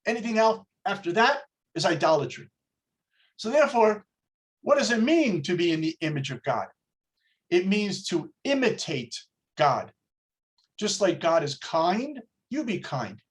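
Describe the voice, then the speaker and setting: Man, rabbi, video-call lecture, slow pace, anecdotes and rhetorical questions. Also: sits high, big pitch swings. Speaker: rabbi teaching a class. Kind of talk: religious lecture with jokes.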